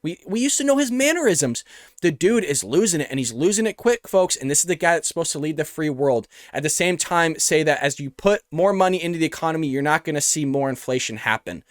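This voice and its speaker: Opinionated male host, high voice, dry mic. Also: animated, fairly quick, dry recording. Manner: opinionated, addresses viewers as folks. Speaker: show host. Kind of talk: reaction commentary. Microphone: close studio microphone.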